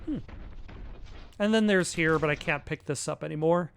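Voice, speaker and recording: Guy rambling over a game, self-deprecating, lots of uhs and restarts, bit high voice, faint background noise. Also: moderate pace, creaky. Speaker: let's play commentator. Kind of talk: casual gameplay commentary.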